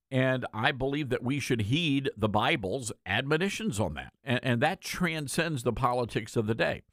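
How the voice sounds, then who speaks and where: A man's voice: mid-range voice, fairly bright tone, dry recording, clean studio sound. A male talk show host giving a political commentary monologue, emphatic and conversational, repeating words for stress and speaking directly to his listeners.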